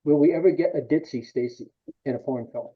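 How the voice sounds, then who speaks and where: Male interviewer, husky and slightly high; blunt, provocative questions; muffled lo-fi audio. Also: brisk.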